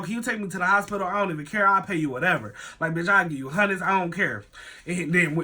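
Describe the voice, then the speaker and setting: A man tells a story straight to camera. His voice sits high and sounds bright and sharp. He acts out every quoted line and swears freely. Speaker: vlogger telling a story.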